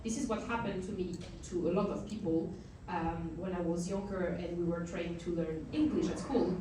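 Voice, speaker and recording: A woman's voice: lowish voice, normal speed, noisy background. A young French woman with a French accent, talking as a guest in a fireside chat and laughing often. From France. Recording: echoey hall, mic at a distance.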